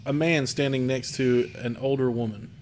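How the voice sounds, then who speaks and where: A man runs a tabletop game, describing the scene at an unhurried pace, with ums and uhs along the way. His voice sits at a middle pitch. A faint hiss sits under the recording. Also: steady tone, a little mellow. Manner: descriptive, slow, with fillers. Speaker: game master.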